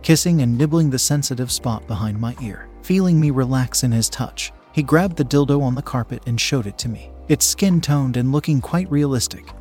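A man of middle pitch reads a scripted first-person story in a calm, even way. Some passages drop to a hushed, breathy tone. Quiet music sits faintly under his voice. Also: normal speed, hardly any pauses. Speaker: story narrator.

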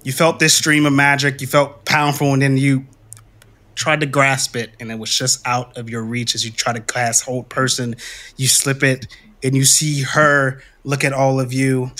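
Narrating a tabletop role-playing game as its game master, a man sets the scene at a moderate pace in a medium-pitched voice. His storytelling is relaxed, peppered with fillers and easy laughs.

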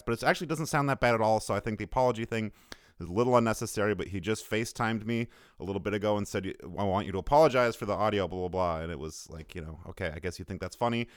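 A man co-hosting a podcast in casual, joking banter, heard through slightly lower-quality video call audio. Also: clean tone, no room sound, studio quality. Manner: joking, playful, laughs often. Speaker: podcast co-host.

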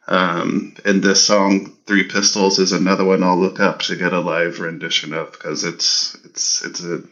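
Male co-host, casual rambling talk, lower voice, muffled lo-fi recording. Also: pushed and bright. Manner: rambling, many restarts and fillers. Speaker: podcast co-host. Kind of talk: casual chat about an album. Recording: dull lo-fi audio.

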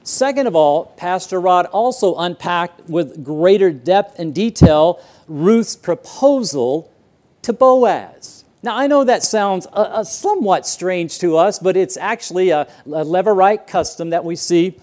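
A man's voice: sits high, lively intonation, measured pace, a little mellow. A man preaching a sermon in a church, telling a story earnestly and repeating words as he restarts sentences. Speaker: pastor. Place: church auditorium.

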